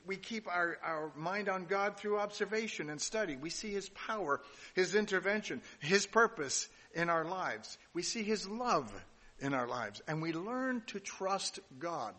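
A man's voice: high voice, lively intonation, unhurried, bright, forceful tone, big-room sound. A man giving a sermon, reading scripture aloud and adding casual asides, with some restarts along the way. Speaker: pastor.

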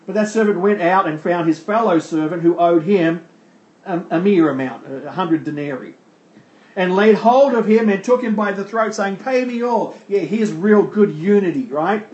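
A man's voice: high voice, moderate pace, darkish tone, lo-fi sound. Preaching man with a roomy echo. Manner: asks rhetorical questions and answers them. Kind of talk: sermon explaining a scripture passage.

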